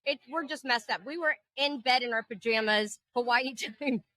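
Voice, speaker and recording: A jet-lagged woman co-hosting a podcast, chatting casually and telling animated, profane stories. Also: a little high, normal speed. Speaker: podcast co-host. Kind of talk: casual chat. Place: indoors at a table.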